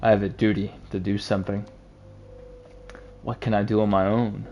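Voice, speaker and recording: A man's voice: fairly low pitch, flat delivery, moderate pace, muffled recording, slight background noise, close to an everyday voice. A man reading as a brooding animal detective. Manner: brooding, quiet inner monologue. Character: weary, self-doubting male detective, an animal. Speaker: game voice-over reader. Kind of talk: reading a story game aloud.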